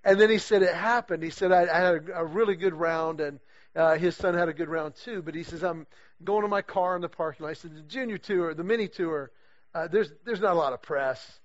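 A man's voice: fairly high pitch, fairly quick. A middle-aged man telling a story in a sermon to a men's group, acting out the voices of the people he quotes. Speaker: guest speaker leading a men's series. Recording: dull lo-fi recording.

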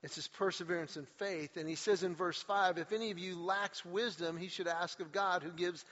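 A man with a fairly high voice preaches a sermon, leaning into his stories and acting out quotes with mounting energy. The sound is slightly muffled, and his voice rings with a long reverb, as in a large church sanctuary. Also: normal speed. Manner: animated storyteller, acts out quotes with rising energy. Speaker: pastor. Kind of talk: sermon with storytelling.

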